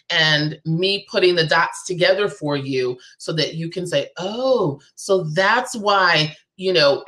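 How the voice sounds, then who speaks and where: A woman's voice: low voice, a bit bright. A woman guest on a live show, a business coach talking in an emphatic, persuasive way and repeating her key phrases.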